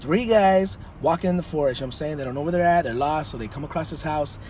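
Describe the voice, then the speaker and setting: A man's voice: fairly high pitch, fast, a little mellow, slight background noise. Casual, profane man telling jokes. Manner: loose and profane, keeps asking "you know what I'm saying". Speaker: TikTok joke teller.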